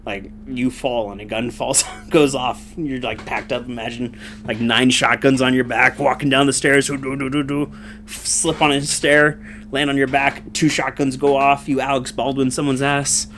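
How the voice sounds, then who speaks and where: A man's voice: medium pitch, flat delivery, normal speed, a bit bright, a little hiss or hum. A young man in a casual, profane political rant, rambling with lots of fillers and laughing between points. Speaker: commentator.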